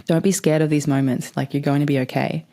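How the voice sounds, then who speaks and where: A woman's voice: low-pitched, steady tone, fast, warm tone. A woman hosting a podcast, giving spiritual advice in a chatty, rambling way and swearing casually. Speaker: podcast host.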